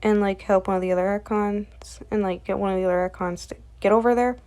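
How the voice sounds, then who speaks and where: A woman's voice: mid-range voice, steady tone, fast talker, dark tone. A woman talks through a comic's plot casually, rambling and chatty. She fills gaps with fillers and keeps checking in with the listener. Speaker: comic recap creator.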